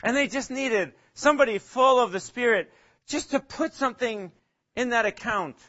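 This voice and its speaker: A man with a very high-pitched, sharp voice leads a casual, interactive Bible study at a moderate pace, speaking hesitantly, chuckling frequently and acting out little quotes. The audio is dull.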